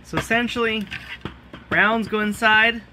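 A man's voice: high voice, fairly even intonation, measured pace, background noise. A man hosting a casual gear review vlog, talking in a jokey, rambling way with self-mocking asides. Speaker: channel host.

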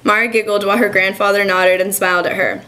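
Young woman, student fiction reading, measured delivery. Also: mid-range voice, fairly even intonation, sharp tone, poor audio. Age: young adult. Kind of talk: literary reading. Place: college reading event.

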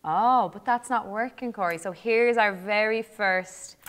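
A woman's voice: mid-range voice, measured pace. A young Irish woman co-hosting a lesson, chatting and thinking aloud as she demonstrates a build. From Ireland. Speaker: co-host teacher. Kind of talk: casual classroom demo while playing.

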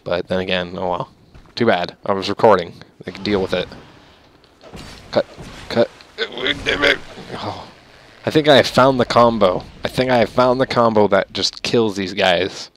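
A man's voice: lowish voice, normal speed, a bit bright, a little hiss or hum. A young man giving rambling, casual gameplay commentary, swearing at enemies with mock-angry outbursts. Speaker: gamer.

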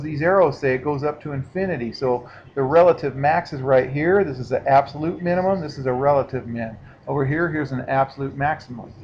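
A male math teacher walks through a lesson in a relaxed, conversational manner, pausing to check that students are following. His voice sits a bit high for a man. The recording is dull and lo-fi with a faint hiss underneath. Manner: casual, explanatory, checks in with listeners. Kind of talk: recorded classroom lecture.

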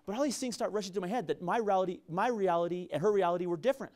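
Lecturing earnestly to students, this middle-aged man speaks with a San Luis Valley Colorado accent in a rapid-fire, slightly mellow voice that sits high. He's a university business professor who tends to repeat himself and restart phrases often.

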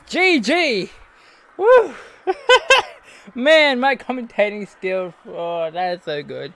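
An Australian man hosting a gaming channel, giving excitable mock sports commentary on his own match and cheering loudly. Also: very high-pitched, extremely slow, pauses often, noisy background. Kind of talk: self-commentary while playing a video game.

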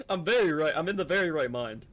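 A man's voice: on the high side, expressive, moderate pace, fairly bright tone. A young man streaming a horror game with friends, joking and laughing often, panicking when stuck. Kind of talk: casual gaming chat. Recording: faint background noise.

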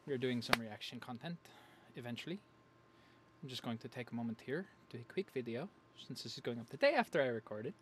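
A man's voice: mid-range voice, lively intonation, quick pace, a little hiss or hum. A man hosting his own channel, chatting casually in a rambling, jokey way, with playful exaggeration. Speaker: channel host. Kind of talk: casual story-time vlog chat.

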